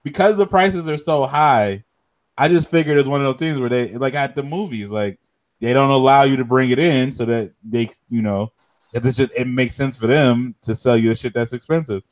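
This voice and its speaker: A man's voice: mid-range voice, normal speed. A young man co-hosting a podcast, talking in a laid-back, slangy way and telling stories with animation. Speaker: podcast co-host. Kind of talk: casual chat.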